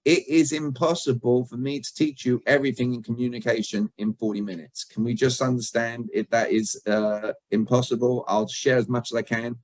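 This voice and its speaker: A man's voice: medium pitch, fairly even intonation, moderate pace, hardly any pauses, no room sound, poor audio. British-born male trainer, jokey and interactive, dry close sound on a video call. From Britain. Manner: chatty, jokey, asks the audience questions. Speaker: communication trainer. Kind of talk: interactive online workshop.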